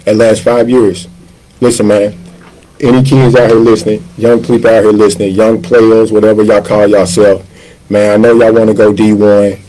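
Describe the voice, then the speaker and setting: Give me a fifty-year-old man who tells stories with big animated swings. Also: lowish voice, moderate pace, low-quality recording. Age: 50s. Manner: animated storyteller, slangy, acts out quotes. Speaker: chef guest. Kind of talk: casual storytelling interview.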